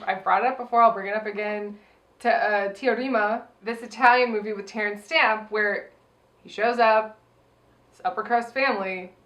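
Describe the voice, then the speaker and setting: A woman co-hosting a film review podcast, chatting casually, swearing freely and acting out her own reactions. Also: medium pitch. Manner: animated, profane, acts out her reactions. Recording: roomy echo.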